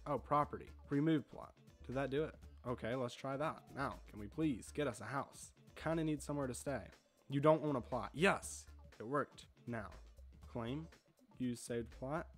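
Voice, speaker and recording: A man's voice: medium pitch, animated, brisk, faint music behind. A young man casually commenting on a video game he is playing, chatty and confused, laughing often. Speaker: gaming video host.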